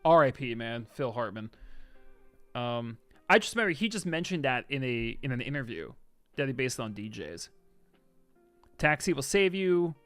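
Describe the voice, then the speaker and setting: A man chatting casually on a live stream, reading viewer comments and swinging between loud excited outbursts and soft asides. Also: mid-range voice, moderate pace, pauses often, clear, resonant tone, dry recording, soft background music.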